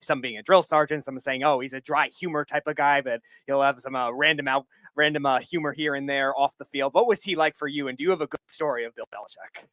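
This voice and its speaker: A man's voice: medium pitch, fast, hardly any pauses, fairly bright tone, no room sound. A man hosting a podcast, setting up a casual interview question with some background first. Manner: chatty, leads into questions with background. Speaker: podcast host.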